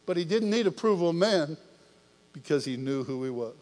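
High-voiced man preaching in a reverberant hall. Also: brisk. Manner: animated and joking, acts out voices. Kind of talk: sermon. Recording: long reverb of a large hall.

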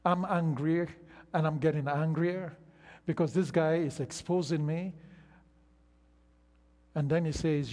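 An older man preaching a sermon, slow and emphatic, with long pauses between phrases. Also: on the high side, a little mellow. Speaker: pastor. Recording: long reverb of a large hall.

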